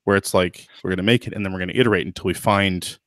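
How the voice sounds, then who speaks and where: A man's voice: sits low, fairly even intonation, rapid-fire, a bit bright, dry recording, clean studio sound. A man hosting a podcast in casual chat, thoughtful and hedging, with lots of fillers and restarts. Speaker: podcast host.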